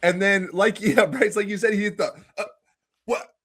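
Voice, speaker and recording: A man's voice: high voice, fairly even intonation, a little fast, fairly bright tone. A man co-hosting a casual TV recap podcast, easygoing, restarting his sentences and chuckling between points. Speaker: podcast co-host.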